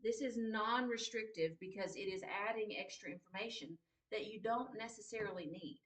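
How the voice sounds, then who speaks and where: A woman's voice: medium pitch, normal speed, fairly bright tone. A woman teaching a writing class, patiently repeating key points and checking that her students understand. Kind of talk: classroom grammar lesson. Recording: roomy echo, distant mic.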